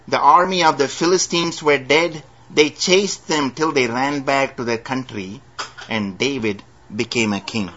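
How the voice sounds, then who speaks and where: A man preaching a sermon as a story, with humorous asides and slowed dramatic emphasis, in a dull lo-fi recording. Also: medium pitch, pushed and bright.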